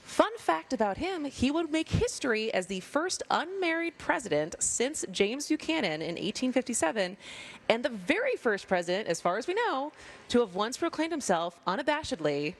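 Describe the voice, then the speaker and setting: A woman's voice: fairly high pitch, sing-song, moderate pace. A woman hosting a casual talk show, reading out candidate profiles with light jokes and frequent laughter. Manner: reads candidate bios, laughs often. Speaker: show host. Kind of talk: casual political chat.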